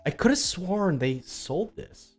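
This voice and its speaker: A man's voice: high voice, big pitch swings, slow, a little mellow, slightly rough, soft background music. A young man chatting casually on a livestream, sarcastic and rambling with lots of ums, answering viewers. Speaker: tennis YouTuber streaming live.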